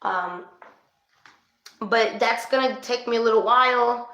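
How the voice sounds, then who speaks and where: A woman doing a casual livestream spirit session as a psychic reader, chatty and excitable, calling her viewers babes. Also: fairly high pitch, measured pace, dull audio. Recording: echoey room.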